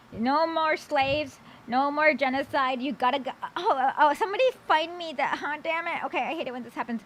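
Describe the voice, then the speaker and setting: High-voiced woman, blunt rambling streamer. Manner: blunt, rambling, many fillers, swears. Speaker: streamer hosting a political talk stream. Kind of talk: casual reaction chat.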